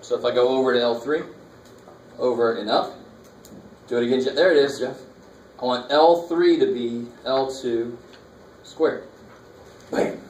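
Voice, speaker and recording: A male math instructor with a medium-pitched, slightly mellow voice speaks at a moderate pace, leaving long pauses. He's casually taking a college class through calculator steps with slangy remarks, in an echoey room picked up by a distant mic with faint noise.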